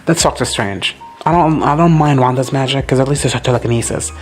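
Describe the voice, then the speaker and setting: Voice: medium pitch, fast talker, soft background music. A host giving a casual, profane reaction recap, gushing and quoting characters in playful asides.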